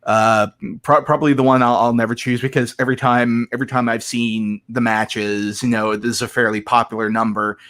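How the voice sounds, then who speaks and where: A man speaking at a middling pitch, answering podcast questions in a casual way. He hesitates, restarts his sentences and fills the gaps with ums. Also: flat delivery, fairly quick, few pauses, fairly bright tone. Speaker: podcast guest, competitor.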